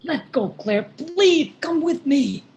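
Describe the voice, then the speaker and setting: A lisping, limping masked man, as a woman puts him on, urgent and evasive. He often drops to a whisper and pleads with a slightly high voice. A live play reading over a video call. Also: lively intonation, takes it slowly, a little mellow, roomy sound, lo-fi sound, full character voice. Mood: hurried. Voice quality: lisp.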